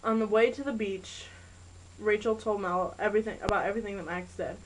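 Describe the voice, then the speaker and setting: A woman's voice: mid-range voice, steady tone, a little fast, slight background noise, low-quality recording. Woman reading her own story. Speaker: narrator.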